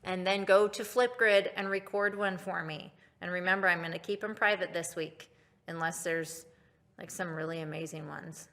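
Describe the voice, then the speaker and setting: A woman's voice: on the low side, steady tone, normal speed, a bit bright. A woman music teacher giving an upbeat online recorder lesson, speaking directly to her pupils.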